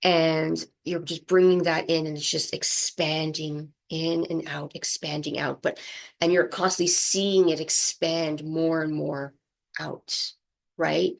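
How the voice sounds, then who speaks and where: A woman hosting a spiritual energy talk, speaking softly and flowingly, often checking in with "right?", moved close to tears. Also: sits low, flat delivery, takes it slowly, gravelly. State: emotional, near tears. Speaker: spiritual channel host.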